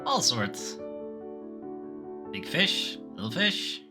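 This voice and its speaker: A man's voice: mid-range voice, huge pitch swings, drawn-out words, music in the background, heavily acted. A man doing a posh Edinburgh selkie statue. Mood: whimsical. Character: posh old rock-statue selkie, wry and whimsical. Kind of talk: reading game dialogue aloud.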